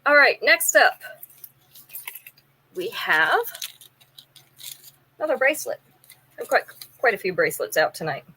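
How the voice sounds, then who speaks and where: A woman's voice: fairly high pitch, big pitch swings, measured pace, pauses often, bright, forceful tone, slightly rough, rough recording. A woman hosting a live jewelry sale, chatting casually, describing pieces in detail and running a trivia game with viewers.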